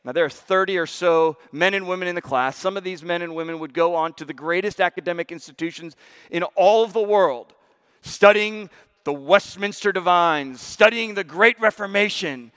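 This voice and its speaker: A male pastor preaching a sermon, telling a story with emphatic rises and hushed drops. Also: high-pitched, normal speed, clean tone.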